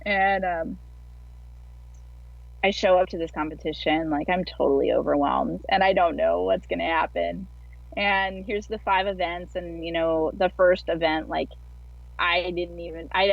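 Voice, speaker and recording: A woman with a lowish voice tells her story in a relaxed, chatty way, peppering it with filler words. She comes through a video call with dry, close sound. The audio is dull and lo-fi, with the muffled top end of an online call. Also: moderate pace, vocal fry, no room sound. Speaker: guest athlete. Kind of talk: casual storytelling interview.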